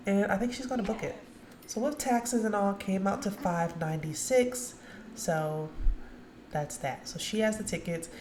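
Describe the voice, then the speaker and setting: A woman casually narrating her gameplay, chatting directly to her viewers. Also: mid-range voice. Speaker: let's play narrator. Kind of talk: casual game commentary. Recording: echoey room.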